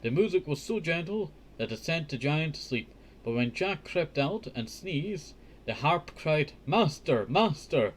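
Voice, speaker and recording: Male host reading a kids' book, slow and fairly high-voiced, with joking asides. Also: animated, a little hiss or hum. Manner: chatty, joking asides, says "I tell you" often. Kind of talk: casual storybook reading with commentary.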